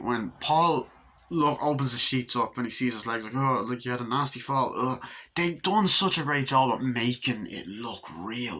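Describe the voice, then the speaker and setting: A man casually reviewing a film, excitable and swearing heavily as he acts out its scenes. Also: medium pitch.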